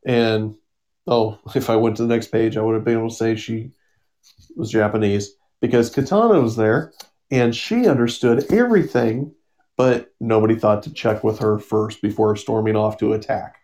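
A man's voice: fairly low pitch, moderate pace, darkish tone. Casual man recapping a comic book. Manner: rambling summary with fillers and laughs, acting out quotes. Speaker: podcast co-host.

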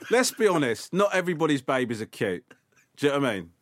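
Male comedian, mid-pitched, lively storyteller, dry close sound. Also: quick pace, no room sound. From England. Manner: animated storytelling, acts out other people's lines. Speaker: guest comedian. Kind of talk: casual interview chat.

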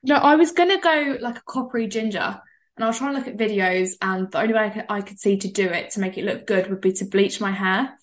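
A young woman co-hosting a casual podcast chat, animated and excitable, often breaking into laughter. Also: medium pitch, fast talker. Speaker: podcast co-host.

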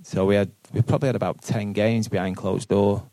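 Low, dark-voiced man. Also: flat delivery, fairly quick, dry recording. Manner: earnest, thinks aloud with repeated words. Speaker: football manager, guest. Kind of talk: live podcast interview answers. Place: boardroom with live audience.

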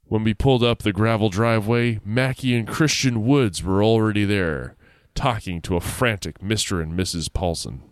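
Man reading a spooky story aloud, low voice, casual delivery, dry close sound. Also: moderate pace, few pauses, clear, resonant tone, dry recording. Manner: casual, laughing asides.

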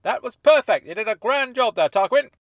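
A man doing a brusque, loud chain-smoking investigator. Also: sits high, very animated, a little fast, dry recording, clean studio sound, pitched above the performer's own voice. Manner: sharp and forceful, raised voice. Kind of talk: audiobook character voice.

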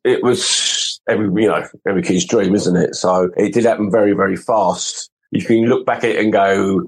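An older musician telling relaxed, self-deprecating stories as a podcast guest. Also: male voice, fairly low pitch, normal speed, creaky, husky, poor audio. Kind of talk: casual storytelling interview.

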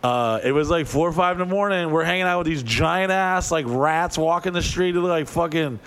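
A man's voice: a little high, fairly quick, fairly bright tone, clean tone. A man in casual chat telling crude, profane anecdotes and acting out the other people in them. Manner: profane storyteller who acts out voices. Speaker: touring performer.

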